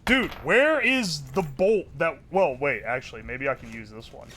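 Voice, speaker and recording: High, lively, bright-voiced male streamer. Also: moderate pace, a little hiss or hum. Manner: joking, bantering with chat; thinks aloud while building. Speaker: livestreamer. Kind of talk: casual livestream chat.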